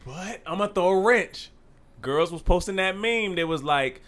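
A man in a casual group chat, interjecting quickly and sharing firm opinions. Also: sits high, lively intonation, a bit bright.

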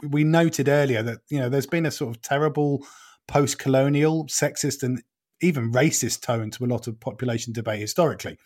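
A man in a relaxed podcast chat. He speaks in a measured, careful way and hedges his points with fillers like "you know". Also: medium pitch. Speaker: podcast panelist. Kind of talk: casual podcast discussion.

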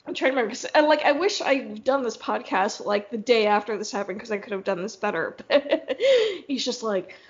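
A woman's voice: on the high side, brisk, muffled recording. A woman hosting a podcast, telling a story in a casual, rambling way with plenty of fillers and frank swearing. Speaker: podcast host.

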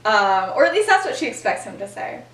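A woman's voice: on the high side, very animated, a little fast, fairly bright tone. A young woman hosting a podcast, chattily retelling a story and acting out the characters' lines with frequent laughter. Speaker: podcast host. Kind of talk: casual storytelling recap. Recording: roomy, distant mic with faint noise.

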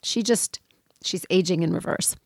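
A woman's voice: lowish voice, moderate pace, gravelly, no room sound. A woman co-hosting a casual chat, gushing and enthusiastic. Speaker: co-host.

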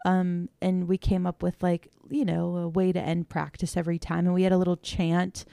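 A woman's voice: fairly low pitch, level tone, normal speed, vocal fry, mellow, dry recording, clean studio sound. A woman co-hosting a podcast, chatting reflectively about coaching kids. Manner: chatty, reflective, many fillers. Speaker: podcast co-host. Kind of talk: casual chat.

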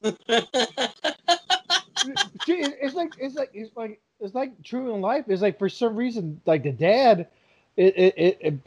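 A man's voice: high-pitched, animated, a little slow, long pauses, dark tone, lo-fi sound, a little hiss or hum. A man in casual chat, emphatic and profane, who keeps hammering his points home by repeating his friend's name.

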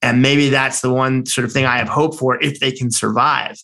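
American man, veteran, bright forceful voice, animated storyteller who swears and restarts a lot. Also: medium pitch, normal speed, creaky, poor audio. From United States. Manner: animated, excited storytelling with many restarts and fillers; blunt, swears casually. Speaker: military veteran. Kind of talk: personal war story told conversationally.

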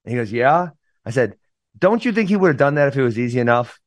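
A man's voice: mid-range voice, sing-song, very fast, no room sound. A man co-hosting a podcast, a wrestling coach, speaking casually and bluntly about things that annoy him. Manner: blunt, opinionated rant. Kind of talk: casual chat.

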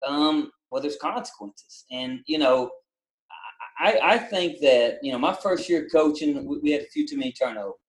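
A middle-aged man, a basketball coach and ex-Army drill instructor, speaking with a country-tinged voice and explaining things in a plain, steady way as a podcast guest. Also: fairly high pitch, moderate pace. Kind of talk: casual podcast interview. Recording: roomy echoey sound.

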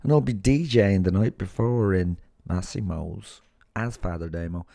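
A man's voice: sits low, normal speed, vocal fry, dark tone, no room sound, clean studio sound. A man with a Dublin Irish accent hosting a podcast, chatting casually in a rambling way, full of slang and fillers. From Ireland. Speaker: podcast host and comedian.

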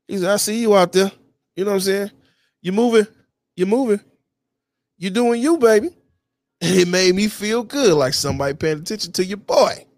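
A man's voice: on the high side, darkish tone, no room sound. A man hosting his own show, talking casually and bluntly to camera with heavy profanity and a constant "you know what I'm saying". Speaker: podcast host.

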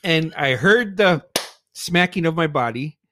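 Man, casual storyteller, profane and laughing, slightly high voice. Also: animated, a little slow, fairly bright tone, slight background noise. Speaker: podcast co-host.

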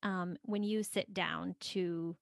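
A woman's voice: fairly low pitch, fairly even intonation, slow, creaky, no room sound, clean studio sound. A woman hosting a podcast, chatting casually and asking her guest friendly, open questions. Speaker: podcast host. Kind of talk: casual interview chat.

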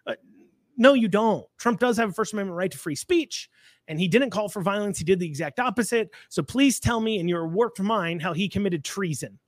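A man's voice: sits high, expressive, brisk, no room sound, studio quality. A man giving blunt, sarcastic political commentary, with frequent fillers and restarts.

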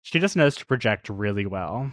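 A man's voice: lowish voice, animated, moderate pace, fairly bright tone, no room sound, studio quality. A man co-hosting a casual TV commentary podcast, bantering and laughing often. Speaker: podcast co-host.

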